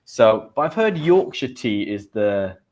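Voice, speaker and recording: A man's voice: fairly low pitch, very animated, unhurried, a little mellow. A man with a British accent teaching English in a live stream. He chats casually with viewers, greeting them and reading their comments aloud. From Great Britain.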